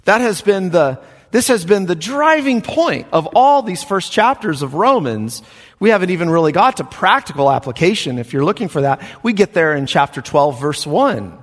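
Male pastor, fairly high voice, emphatic expository preaching, long hall reverb. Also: normal speed. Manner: emphatic, lively preacher with soft chuckles. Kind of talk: expository sermon.

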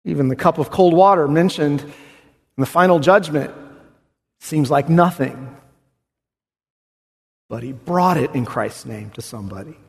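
A man preaching an expository sermon, animated, swinging from hushed tones to exclamation. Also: fairly high pitch, unhurried, vocal fry, long pauses, husky. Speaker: pastor. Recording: reverberant hall.

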